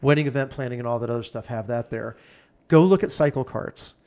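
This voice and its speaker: A man's voice: mid-range voice, a little fast, a little mellow. A man as a podcast guest in casual chat, rambling enthusiastically through one plan after another. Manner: enthusiastic, rambling, piles up plans.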